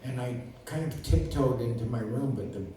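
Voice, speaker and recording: A man's voice: medium pitch, moderate pace, dark tone. A man in his seventies, a lawyer, telling casual stories in a rambling way, full of fillers and restarts. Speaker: lawyer and guest. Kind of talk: casual storytelling. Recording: roomy distant recording with faint noise.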